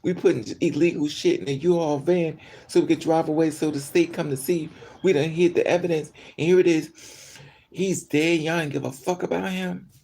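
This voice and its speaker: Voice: mid-range voice, steady tone, moderate pace, creaky, dark tone, slightly rough. A speaker venting in an emotional monologue, upset after crying all day, angry and profane, with many fillers. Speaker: vlogger.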